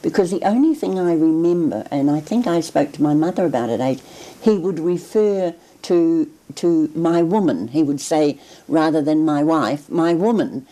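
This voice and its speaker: An older woman, reflectively recalling family memories in an oral history interview, pausing and restarting as she goes. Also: deep voice, mellow, low-quality recording. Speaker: interviewee recalling her grandfather.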